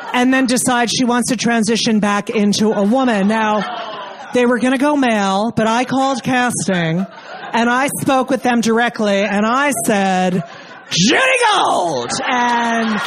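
Woman stand-up comic in her thirties, brash and foul-mouthed, live with audience noise. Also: a little high. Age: 30s. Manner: brash, profane, acts out characters in quick asides. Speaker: stand-up comedian. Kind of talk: stand-up comedy set. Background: audience laughter.

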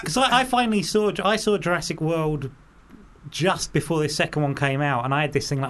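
A man chatting casually about films as a podcast co-host, relaxed, retelling scenes and asking questions. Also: fairly high pitch, fast talker. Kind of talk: casual film chat.

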